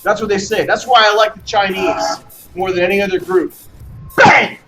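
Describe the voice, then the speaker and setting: A man's voice: high voice, moderate pace, sharp tone, slight background noise. Sarcastic sing-song male ranter. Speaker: comedic host. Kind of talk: mocking comedic rant.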